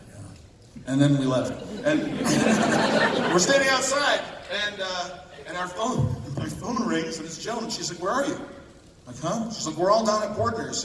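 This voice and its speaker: In a large convention panel room captured from a distance, a voice actor with a fairly high, slightly bright voice shares meandering, talkative anecdotes punctuated by laughter. The hall echoes and there's a little background noise.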